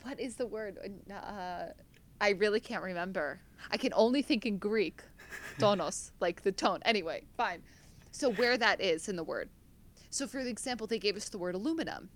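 A woman's voice: medium pitch, lively intonation, moderate pace, slight background noise. A young American woman co-hosting a podcast, chatting casually and laughing at herself. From United States. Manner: chatty, self-deprecating, laughs often. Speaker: podcast co-host. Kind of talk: casual chat.

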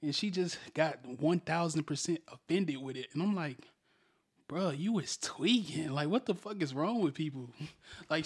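A young man co-hosting a casual podcast, telling a story loosely with slang and lots of profanity. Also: fairly high pitch. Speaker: podcast co-host.

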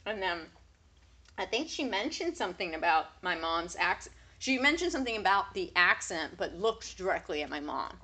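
A woman from California telling a story in casual chat, chatty and animated and quick to laugh. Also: on the low side.

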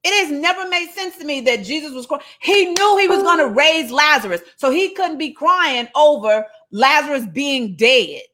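A woman preaching in a relaxed, conversational sermon style. She tells the scripture playfully, acting out voices as she goes. Her voice sits a little high and jumps about a lot. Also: moderate pace, few pauses. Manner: animated, playful retelling with voiced asides. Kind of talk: casual sermon.

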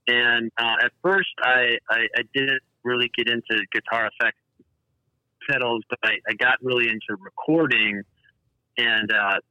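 A man being interviewed over a call, speaking casually with a stutter and many halting repeats. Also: medium pitch, steady tone, no echo. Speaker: guest, pedal designer. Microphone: remote call. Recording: dull dry call audio.

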